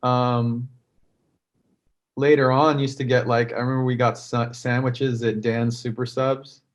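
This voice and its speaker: A man's voice: mid-range voice, level tone, a little slow. A man chatting casually on a video call, rambling with many ums and likes. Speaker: musician guest on fan call. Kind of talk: casual chat.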